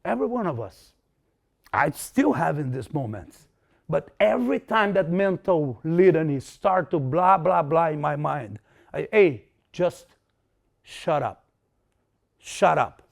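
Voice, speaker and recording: Slow, gravelly man speaking broken English. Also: on the high side, animated. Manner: broken English, repeats words, acts out quotes. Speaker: martial arts instructor. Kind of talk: motivational talk.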